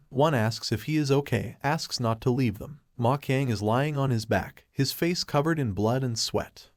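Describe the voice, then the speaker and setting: A man narrating a comic recap in a steady, scripted present-tense retelling. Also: mid-range voice, dry recording, studio quality.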